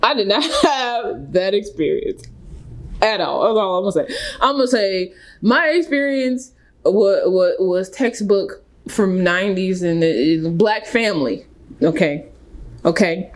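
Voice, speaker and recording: A woman talks casually to camera about her own life. Her delivery is animated, leaping up in pitch for emphasis. She keeps checking in with her listeners as she goes. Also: unhurried. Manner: animated, with sudden pitch jumps and frequent "right?" and "okay?". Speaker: spiritual vlogger. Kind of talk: casual personal storytelling.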